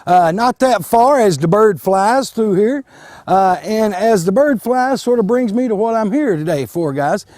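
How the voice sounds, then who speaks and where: Folksy, animated man teaching kids. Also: high voice, measured pace, no room sound. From Kentucky. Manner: folksy, animated, repeats and restarts words with many fillers. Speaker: wildlife extension educator. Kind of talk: live outdoor demonstration to children.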